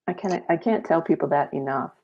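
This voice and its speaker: A woman's voice: sits low, a little fast, husky. A woman guest on a spiritual talk show, speaking in an earnest, reflective way. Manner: earnest, reflective, laughs lightly. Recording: dull lo-fi audio.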